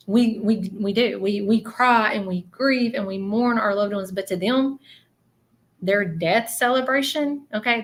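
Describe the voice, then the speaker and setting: Woman, psychic medium, earnest livestream reading, mid-pitched. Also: fairly bright tone. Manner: earnest, repeats "okay?" often.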